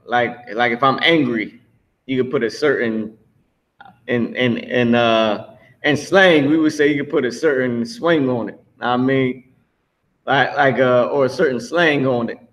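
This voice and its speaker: A man teaching a live language class in a loose, slangy way, repeating words as he builds each point. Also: medium pitch.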